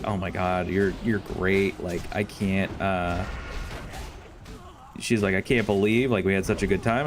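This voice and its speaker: A young man tells a meandering story into his headset while he streams from home. His voice sits on the low side and keeps circling back with fillers and restarts. A faint bed of noise runs under it. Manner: rambling, lots of fillers and restarts. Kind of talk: casual storytelling while gaming.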